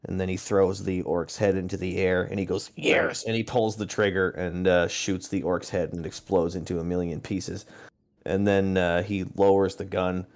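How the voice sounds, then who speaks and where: A man playing a tabletop game, describing his character's actions in a measured, detailed way. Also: low-pitched, flat delivery, darkish tone. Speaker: player. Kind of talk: casual tabletop game narration.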